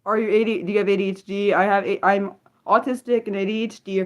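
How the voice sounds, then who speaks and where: A young woman hosting an unscripted livestream, chatting excitedly with viewers and answering chat, with lots of fillers and restarts. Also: mid-range voice, quick pace. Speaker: livestream host.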